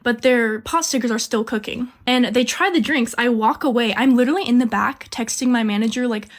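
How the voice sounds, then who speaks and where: A young woman telling a casual storytime about her job, chatty and indignant, with lots of "like". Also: on the high side. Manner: chatty, fast, full of "like", quoting people with indignation. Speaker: storyteller recounting a job as a cashier.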